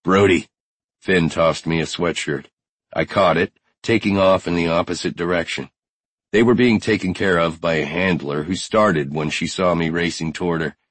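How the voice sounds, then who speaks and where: A man's voice: low-pitched, moderate pace, fairly bright tone, no echo. A man narrating a first-person audiobook with tense, driven storytelling.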